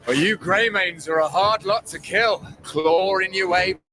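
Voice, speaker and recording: A man's voice: high-pitched, measured pace, pushed and bright, slight background noise. An actor voicing a sly male villain in a game trailer, speaking in a mocking, taunting way. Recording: music playing underneath.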